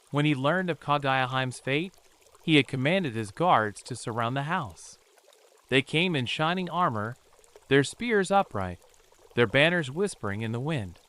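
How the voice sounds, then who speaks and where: A man tells a bedtime story in a calm, gentle, unhurried voice. His pitch rises and falls in wide, expressive sweeps, while soft music plays faintly behind him. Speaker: narrator. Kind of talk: soothing bedtime story narration.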